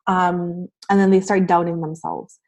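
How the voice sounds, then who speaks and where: A woman's voice: fairly low pitch, steady tone, a little slow, darkish tone, highs cut off. Earnest, encouraging woman podcast guest. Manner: earnest, encouraging, many fillers. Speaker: podcast guest, life coach. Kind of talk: casual podcast conversation.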